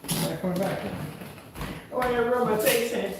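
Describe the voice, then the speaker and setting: A man's voice: sits high, fairly quick, creaky, recorded from a distance, pitched above the performer's own voice. A man voicing a nosy, restless male house cat that talks in an eager, pleading, impatient way. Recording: roomy echo, faint noise.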